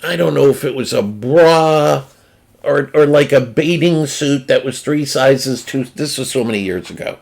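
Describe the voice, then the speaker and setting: Northeastern US man, casual comic storyteller, crude and digressive, with some fry in the voice. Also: medium pitch, normal speed, a little mellow. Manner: rambling, crude, self-interrupting.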